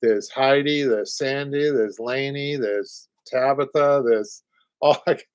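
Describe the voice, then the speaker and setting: In his late fifties and speaking with a Boston accent, this man hosts a live upholstery stream, chatting and rambling with plenty of fillers and little chuckles. His mid-range voice is slow and smooth, recorded with no room sound.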